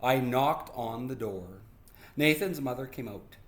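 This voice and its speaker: A man reading a children's picture book aloud as a read-aloud host. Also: medium pitch. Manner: slow and expressive. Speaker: storybook reader.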